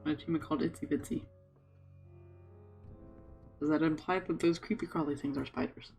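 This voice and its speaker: A man's voice: a little high, steady tone, brisk, darkish tone, soft background music, poor audio. A man streaming a game, chatting to himself and reading notes aloud. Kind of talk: casual let's-play commentary.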